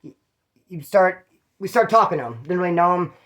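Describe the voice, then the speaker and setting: A man's voice: sits high, lively intonation, fairly quick, a bit bright. A man from California casually telling prison stories, in a profane, slangy, rambling way with restarts. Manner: mimics others in quoted voices. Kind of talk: casual storytelling.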